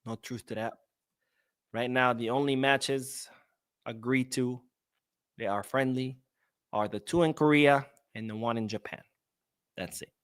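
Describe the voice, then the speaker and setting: A man's voice: medium pitch, steady tone, measured pace, pauses often, fairly bright tone, smooth, dry recording, studio quality. A young man hosting a live-streamed football podcast, ranting sarcastically and reading out viewer comments. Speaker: podcast host.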